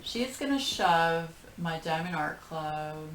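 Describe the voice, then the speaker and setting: A middle-aged woman telling a story at home in casual chat, rambling and animated, with many fillers. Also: sits low, takes it slowly, noisy background. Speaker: crafting channel host.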